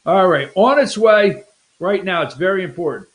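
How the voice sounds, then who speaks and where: A man hosting an opinionated political talk show, rambling and animated, with jokey asides. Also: high-pitched, fairly quick.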